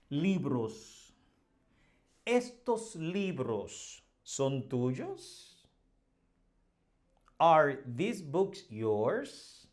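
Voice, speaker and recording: Slow, patient male teacher. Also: medium pitch, darkish tone. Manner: patient, repeats example sentences, modeling question intonation. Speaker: Spanish teacher. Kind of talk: slow explanatory language lesson.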